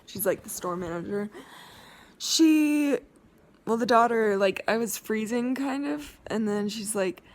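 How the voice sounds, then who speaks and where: A woman's voice: fairly high pitch, lively intonation, unhurried. A young woman vlogging an emotional rant to her viewers, rambling with many restarts and growing insistent.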